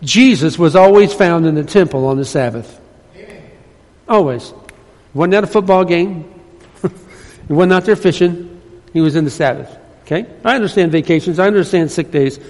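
A man with a fairly high voice preaches to his congregation in a conversational, sometimes emphatic way. His words ring out with a long church-hall reverb. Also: normal speed, pauses often, darkish tone. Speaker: pastor. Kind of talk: sermon. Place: church sanctuary.

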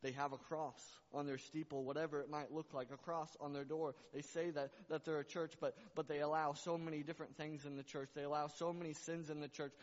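A man's voice: on the high side, flat delivery, a little fast, few pauses. A man preaching a sermon as pastor, repeating words and building to fervent climaxes. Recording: long reverb, dull lo-fi sound.

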